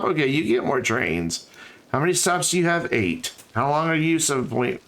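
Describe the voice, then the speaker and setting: Gravelly-voiced man chatting while gaming. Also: medium pitch, big pitch swings, normal speed, a bit bright. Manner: chatty, thinking aloud while building. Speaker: streamer. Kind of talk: casual let's-play commentary.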